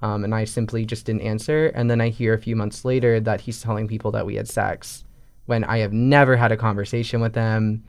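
A man's voice: lowish voice, level tone, brisk, no echo. A young man and college student, earnestly and reflectively telling his own story for a storytelling podcast. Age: young adult. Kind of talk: storytelling interview.

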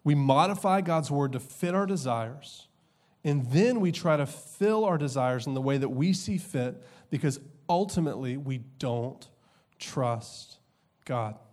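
A young male pastor preaching in a loose, joking way. His voice sits a bit high for a man, and he races through asides, then slows right down to lean on key words. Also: lively intonation, darkish tone. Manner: conversational and humorous, shifting between quick asides and slow emphatic drops. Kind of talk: sermon.

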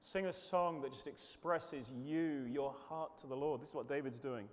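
A man's voice: fairly high pitch, moderate pace, in a large hall. A man preaching an earnest sermon through a run of psalms, often restarting phrases and repeating words as he goes.

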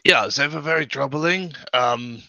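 A man's voice: mid-range voice, measured pace, creaky, sharp tone, dry recording, lo-fi sound, full character voice. A man voicing an earnest, blunt male half-orc paladin in a tabletop game, speaking with a put-on German-flavored accent.

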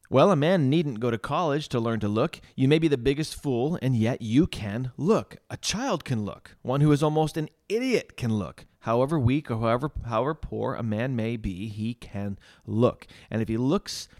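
A man voicing a rustic male lay preacher, plain and earnest, with an emphatic, drawn-out preaching delivery. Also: medium pitch, a little mellow, close to an everyday voice.

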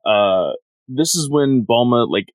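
A man's voice: medium pitch, animated, slow pace, no room sound. A man co-hosting a podcast, recapping a story in rambling casual chat with many fillers. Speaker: podcast co-host.

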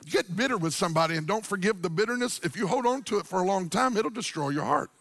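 A middle-aged man, preaching a sermon to a church congregation, animated, swinging from quiet storytelling up to near-shouted, sung-out lines. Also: high voice, quick pace, gravelly, no room sound. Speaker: pastor.

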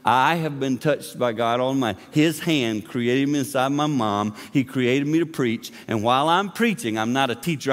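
A man preaching a sermon in an impassioned way, moving between booming lines and hushed asides. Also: unhurried, big-room sound. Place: church sanctuary.

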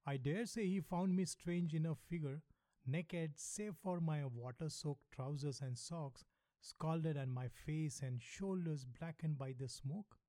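A man reads a novel aloud in the first person, measured and matter-of-fact. His voice sits a little high but stays soft and mellow, and the recording is close and dry. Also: no room sound. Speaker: audiobook narrator.

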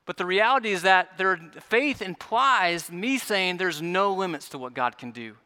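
Male pastor, higher voice with a bright edge, earnest sermon delivery that dips soft and swells. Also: lively intonation, normal speed, clear, resonant tone, faint music behind. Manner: earnest, stumbling repetitions, drops soft then rises.

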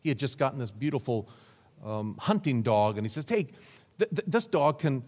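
A man preaches a storytelling sermon at a middle pitch, chuckling now and then and slipping into the voices of the people in his anecdotes. His voice rings with a long reverb, as if he is speaking in a large church sanctuary. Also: lively intonation, fairly quick, darkish tone. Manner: storytelling with chuckles, acting out quoted characters. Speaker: pastor. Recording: reverberant hall.

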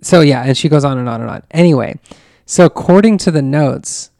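Male podcast host, gravelly, dry sound, animated casual storyteller. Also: on the high side, a little fast, no echo. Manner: retells a story animatedly, acting out quoted voices.

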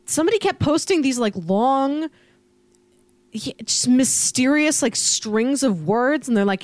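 A young woman co-hosting a podcast chats casually and enthusiastically, sprinkling in lots of "like" fillers. Her voice is high with lively intonation, her pace measured, and the recording dry.

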